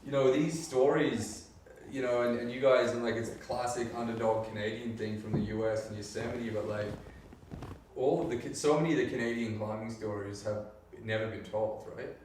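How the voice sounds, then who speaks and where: A man's voice: mid-range voice, fairly even intonation, fairly quick, darkish tone, slight background noise. A man interviewing for a documentary, gushing with enthusiasm and swearing casually. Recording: roomy, distant from mic.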